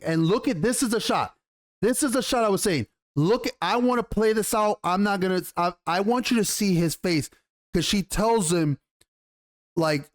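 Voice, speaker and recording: A man giving a casual episode review, rambling and excitable, blunt and quick to swear. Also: sits high. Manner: rambling, excitable, acts out lines.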